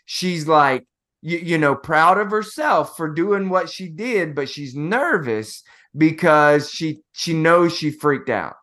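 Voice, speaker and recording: Slow-talking man telling a story. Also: fairly high pitch, animated, fairly bright tone. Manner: storytelling, addresses co-host as bro. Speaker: podcast co-host. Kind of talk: casual motivational chat.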